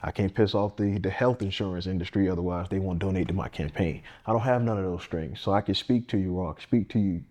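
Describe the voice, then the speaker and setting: A man's voice: low-pitched, fast, hardly any pauses, a little mellow. A man, a candidate speaking earnestly and plainly in a casual interview, often restarting his sentences. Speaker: congressional candidate and firefighter.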